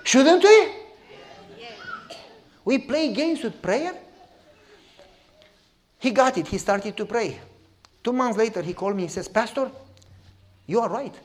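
A man's voice: sits high, measured pace, long pauses. A man with a Romanian accent preaching a sermon, telling stories and often asking "You follow me?". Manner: animated, repeats "You follow me?". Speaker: pastor. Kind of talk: sermon storytelling.

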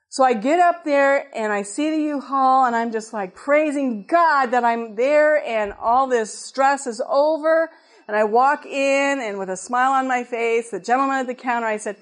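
A woman delivering a sermon as a personal story, talking in an easy, conversational way. Her voice sits a little high, and she chuckles now and then as she goes. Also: moderate pace. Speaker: preacher.

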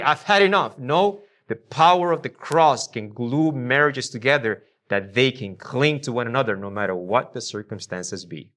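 A man preaching to a congregation in a church. His delivery is emphatic, rising to loud declarations and dropping to quiet, low lines. He keeps asking the listeners questions. His voice sits at an ordinary middle pitch. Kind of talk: sermon.

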